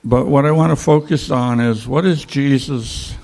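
A man teaching a Bible study in a slow, reflective way, pausing with fillers as he reads and explains scripture. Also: mid-range voice, gravelly, darkish tone.

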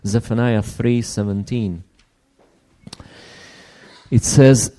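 A man preaching a sermon in English, which is not his first language. He speaks earnestly, often restarts, and drops to hushed asides. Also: on the low side, slow pace.

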